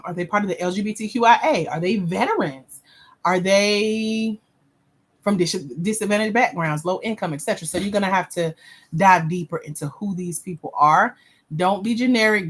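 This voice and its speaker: A woman hosting a livestream as a grant coach, reading viewer comments aloud and giving blunt, sassy feedback in casual slang. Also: fairly low pitch.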